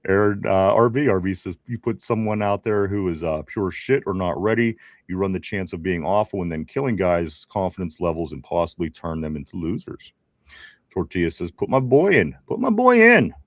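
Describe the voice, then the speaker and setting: Male sports podcast host, Pittsburgh accent, lowish voice, casual, laughs a lot. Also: moderate pace, no echo, clean studio sound. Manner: chatty, laughs often, many restarts. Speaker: podcast host reading live chat.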